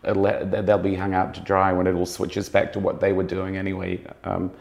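A man's voice: low-pitched, monotone, moderate pace, gravelly, a little mellow. A man speaking as a fashion critic in a conversational interview, musing and often circling back to rephrase his points.

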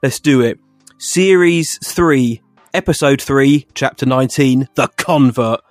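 A man's voice: medium pitch, unhurried, no room sound, faint music behind. A young English man co-hosting a podcast, with jokey, theatrical patter. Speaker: podcast co-host. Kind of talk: casual chat.

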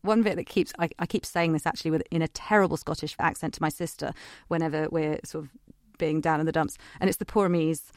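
A woman's voice: low-pitched, steady tone, quick pace, no echo, studio quality. A woman hosting a podcast interview in a chatty, enthusiastic way. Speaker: podcast host. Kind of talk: casual interview chat.

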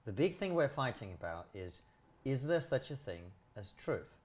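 A male podcast guest with a mid-pitched voice. He speaks firmly and keeps pulling the conversation back to his main point. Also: sing-song, moderate pace. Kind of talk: conversational argument.

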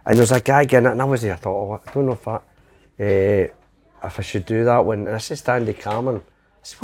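A man's voice: on the low side, brisk, a little mellow. Middle aged scottish guy rambling thru a funny story, doing little voices for people. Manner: rambling anecdotes with quoted voices. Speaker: comedian guest. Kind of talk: casual storytelling.

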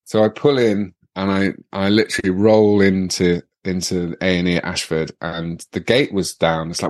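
A middle-aged man, a podcast guest telling an anecdote in a lively way, laughing often and stumbling over restarts. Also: deep voice, moderate pace, hardly any pauses, no room sound.

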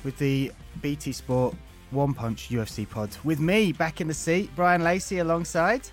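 A man's voice: a little high, fairly even intonation, moderate pace, soft background music. A man in his forties hosting a podcast, chatting casually with jokey, rambling banter. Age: 40s. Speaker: podcast host. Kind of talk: casual chat.

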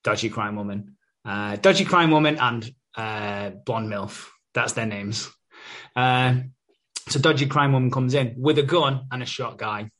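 A man hosting a casual podcast recap of a TV episode. He tells it loosely and chattily, with swearing and many fillers, in a mid-pitched everyday voice. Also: measured pace, fairly bright tone. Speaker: podcast host.

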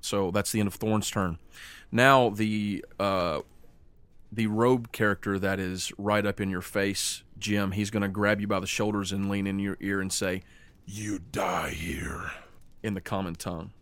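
A man's voice: fairly low pitch, little pitch movement, a bit bright, clean tone. A man running a tabletop game as game master, narrating scenes vividly and calling rolls. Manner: vivid, descriptive narration with quick rules calls.

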